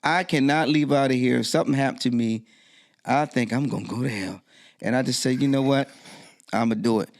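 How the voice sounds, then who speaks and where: A middle-aged man with a gravelly voice tells a story in a podcast interview. He talks in an animated way and jumps up in pitch when he quotes himself. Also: fairly quick. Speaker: guest DJ.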